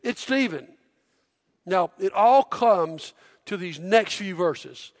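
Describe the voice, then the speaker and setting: A middle-aged man preaching a sermon in a church, energetic and conversational, prompting the congregation. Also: sits high, slow. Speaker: pastor. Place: church auditorium. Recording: long hall reverb.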